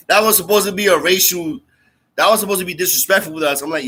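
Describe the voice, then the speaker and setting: Profane, bright-voiced man telling a story. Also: on the high side, quick pace, breathy edge. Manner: profane street slang, calls listeners bro and twin; animated, repeats lines for emphasis. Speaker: livestream host talking to viewers. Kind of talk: casual storytelling chat.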